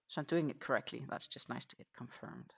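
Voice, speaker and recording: A crochet livestream host chatting casually while working, rambling with lots of hesitations and quietly counting stitches. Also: mid-range voice, fairly quick, vocal fry. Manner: rambling and hesitant, many fillers, counts stitches under breath.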